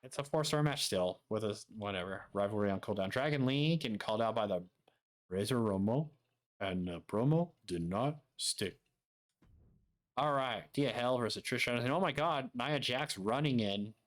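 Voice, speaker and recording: A man giving quick, offhand commentary as he plays a wrestling management game. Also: mid-range voice, animated. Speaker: gaming streamer.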